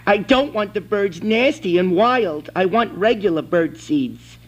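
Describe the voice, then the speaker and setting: A man's voice: sits high, expressive, measured pace. A man on a phone call who rambles, insists, and breaks into animal noises as a prank caller.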